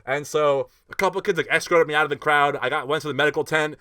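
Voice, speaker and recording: Young man, casual storytelling, animated, slangy, rapid, dry close sound. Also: a little high, dry recording. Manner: animated, slangy, profane, lots of "like" fillers. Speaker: festival vlogger telling a story.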